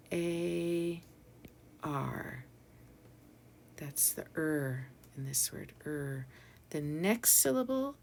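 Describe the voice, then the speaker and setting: A woman teacher leads a phonics lesson for small children, sounding out each letter and syllable with patience. She speaks slowly in a lowish, gravelly voice. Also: a little mellow.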